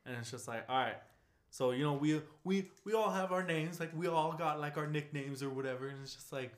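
A young man chatting casually with a friend, telling stories with lively quoted voices. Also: fairly quick, roomy sound. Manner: animated storyteller, jumps to loud high impressions. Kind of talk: casual chat among friends.

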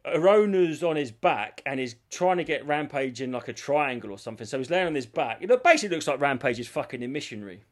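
A man co-hosting a podcast, telling stories in an animated casual chat and swearing freely. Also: mid-range voice, quick pace, hardly any pauses. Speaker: podcast co-host.

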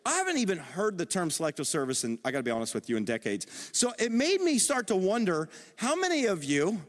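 A middle-aged man preaching a sermon as pastor, animated and calling on the congregation to respond. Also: high voice, fast. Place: church auditorium. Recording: long reverb of a large hall.

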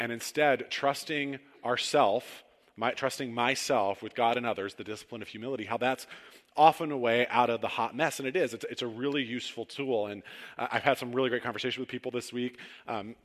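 A man preaching a conversational sermon in a church sanctuary, telling personal stories with relaxed, self-deprecating humor. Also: medium pitch. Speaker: pastor. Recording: long hall reverb.

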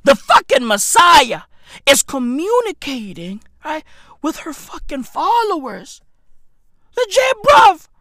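A man ranting in a profane, rambling comedy monologue, swinging from mumbles to shouts. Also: very high-pitched, very animated, takes it slowly, no room sound, clean studio sound. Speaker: comedic vlogger.

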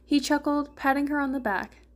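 A woman's voice: sits high, fairly even intonation, fairly quick. A woman reading a fan fiction story aloud, narrating and lightly voicing the characters. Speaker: fanfiction reader.

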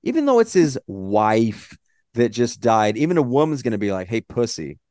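A man co-hosting a podcast in casual chat, animated and swearing freely as he jokes around. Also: mid-range voice, normal speed, no echo, clean studio sound. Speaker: podcast co-host.

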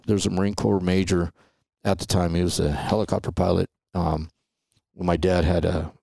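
A middle-aged man tells stories in a loose, conversational way. His voice sits on the low side, with a gravelly edge to it. The sound is dry and close, with no room around it. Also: no room sound. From Los Angeles. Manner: relaxed, chatty, peppers talk with "man" and "you know". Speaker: guest. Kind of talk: casual storytelling interview.

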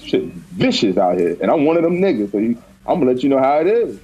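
A man chatting casually outdoors as a podcast co-host, telling animated stories and acting out quotes. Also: medium pitch, rapid-fire, dull audio. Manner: animated storytelling, acts out quotes. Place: outdoors in a park.

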